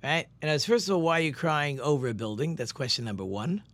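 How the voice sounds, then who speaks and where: A man retells a religious story as an informal Torah lesson. He rambles and stops to correct himself. He slows right down to press on the words that matter. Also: on the high side, lively intonation, fairly bright tone. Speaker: religious teacher.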